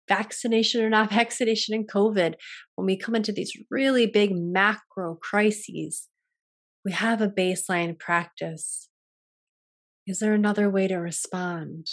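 A young adult woman hosting a yoga and wellness talk, speaking in a gentle, contemplative way with frequent restarts. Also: on the low side. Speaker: yoga and wellness podcast host. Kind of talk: reflective solo talk.

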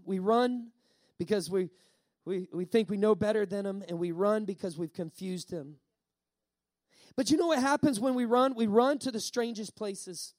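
High-voiced emphatic male preacher. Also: a little mellow, no room sound. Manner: emphatic, repeats lines for effect, stretches key words. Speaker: pastor. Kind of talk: sermon.

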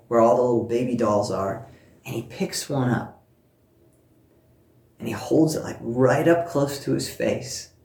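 A man preaching a sermon, telling a personal story with warmth and earnest emphasis, speaking to listeners at home. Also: mid-range voice, echoey room. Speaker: pastor.

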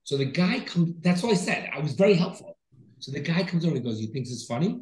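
A man's voice: on the high side, animated, quick pace, roomy sound, low-quality recording. A man co-hosting a podcast, telling a long story in a rambling, profane, casual way. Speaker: podcast co-host. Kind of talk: casual chat.

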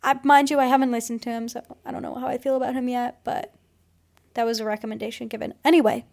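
High-voiced young woman, gossipy chat. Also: little pitch movement, quick pace, creaky, darkish tone. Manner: gossipy, dramatic, swears freely. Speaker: podcast co-host. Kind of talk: casual chat.

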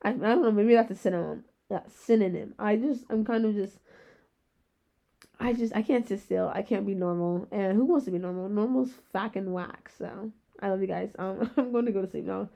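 Fast-rambling young woman podcaster, lo-fi. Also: medium pitch, creaky, mellow. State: rough-sounding voice. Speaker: podcast host. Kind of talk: solo casual chat.

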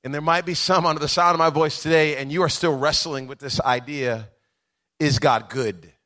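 Impassioned preacher, slightly high voice. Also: male voice, steady tone, moderate pace. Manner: impassioned, swinging from hushed asides to rising preacher's cadence; conversational storytelling with chuckles. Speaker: pastor. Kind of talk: sermon.

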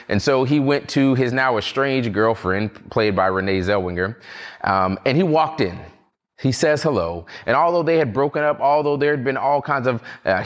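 A man preaching a conversational sermon at a virtual service, earnest and relaxed, with frequent fillers. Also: mid-range voice. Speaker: pastor.

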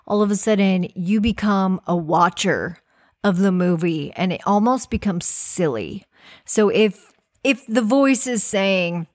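A woman hosts her own podcast in a relaxed, chatty monologue. Her voice sits at an ordinary middle pitch. She keeps encouraging the listener and often restarts her sentences mid-thought. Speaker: podcast host. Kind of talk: casual monologue.

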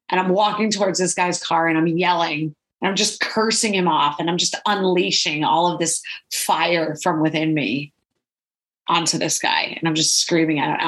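An animated woman hosts her podcast, telling a personal story with frequent laughs and asides of "right?". Her voice sits a little low for a woman. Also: low-quality recording. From California. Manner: animated, laughs often, says "right?" a lot. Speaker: podcast host. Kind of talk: storytelling monologue.

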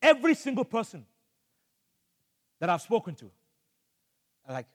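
An older man from Nigeria preaching a sermon as pastor, telling a story with animated energy and bursts of shouting. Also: high-pitched, normal speed, long pauses, husky, in a large hall. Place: church hall.

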